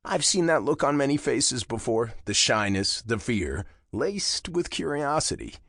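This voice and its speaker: A man narrating a romance audiobook in the first person, with a slow, low and intimate delivery. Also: big pitch swings, creaky, fairly bright tone, no room sound, studio quality.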